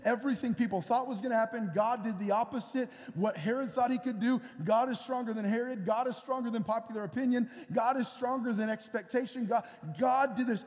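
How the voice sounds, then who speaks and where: Man pastor telling a bible story all dramatic, highish voice, long echo in the church. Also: moderate pace, a little mellow. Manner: dramatic storytelling, acts out scenes. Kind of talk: sermon. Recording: long church-hall reverb.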